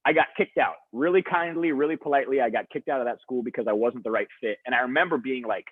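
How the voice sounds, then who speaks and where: A young man telling an energetic, chatty story to students as a motivational speaker, heard over a video call. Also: mid-range voice, fast, no room sound. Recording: dry, husky, phone-like video call audio.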